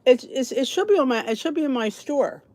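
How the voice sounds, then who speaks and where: A woman's voice: sits high, lively intonation, a little fast, a little mellow, no room sound. A middle-aged woman from the Philadelphia area with a Philly accent, hosting a podcast in a rambling, casual chat to her viewers. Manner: chatty, rambling, frequent restarts and asides. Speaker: podcast host.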